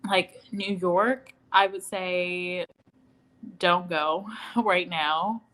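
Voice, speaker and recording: This Midwestern woman hosts a casual livestream from her home in Dallas, reading viewer comments aloud and acting out quoted dialogue with laughs. She speaks very slowly in a lowish, steady, fairly bright voice. The recording is rough.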